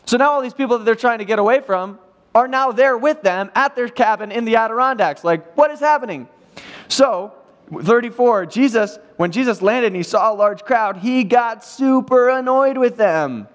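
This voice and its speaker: A man preaching a sermon in church, retelling a Bible story in a casual, animated way with acted-out quotes. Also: very high-pitched, moderate pace. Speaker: pastor.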